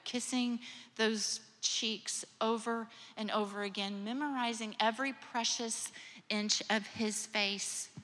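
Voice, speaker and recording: A woman, a mother herself, retelling a scripture story as a gentle, imaginative sermon with hushed moments. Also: mid-range voice. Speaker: preacher or speaker. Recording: long hall reverb.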